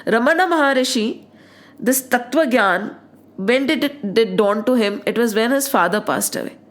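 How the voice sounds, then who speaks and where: A woman's voice: on the high side, lively intonation, normal speed. A woman with an Indian accent explaining scripture as a spiritual teacher, mixing Hindi words into English and asking her listeners one rhetorical question after another.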